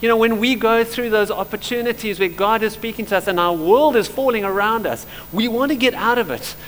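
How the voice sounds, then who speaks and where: A middle-aged man preaching a sermon, swinging between loud emphasis and quiet, intimate moments. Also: high-pitched, brisk. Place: church hall. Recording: echoey church hall with faint hum.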